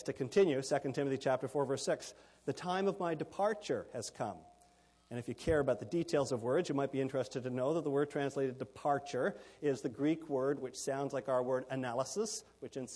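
A man's voice: medium pitch, a little mellow, big-room sound. A man preaching a sermon, explaining scripture verse by verse and giving note points for listeners. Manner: expository, explains Greek words, gives note points.

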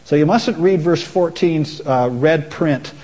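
A man preaching in a church, his voice mellow and a little husky, carried by the long reverb of a large hall. He speaks earnestly and deliberately, circling back to restart phrases as he explains the text. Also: fairly high pitch. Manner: earnest and measured, with frequent restarts. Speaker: pastor. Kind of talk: sermon.

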